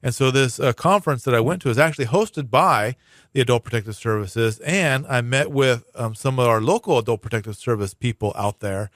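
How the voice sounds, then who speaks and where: A man's voice: mid-range voice, brisk, fairly bright tone, dry recording, clean studio sound. A man speaking as a prosecuting attorney guest in a casual radio interview, explaining at length with many fillers and restarts. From Hawaii. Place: radio studio.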